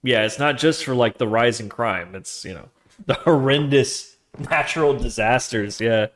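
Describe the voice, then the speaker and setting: A man's voice: medium pitch, a little slow. Man chatting casually while coding live. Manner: loose and chatty, trailing into quiet muttering while working; slangy, with laughs between phrases. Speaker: streamer coding a trading engine.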